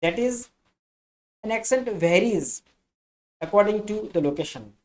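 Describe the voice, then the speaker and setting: Indian-English woman as a patient teacher; unhurried, soft-toned, restates every point. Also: mid-range voice, expressive, poor audio. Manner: slow, deliberate, repeats each point in new words. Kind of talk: explanatory lesson.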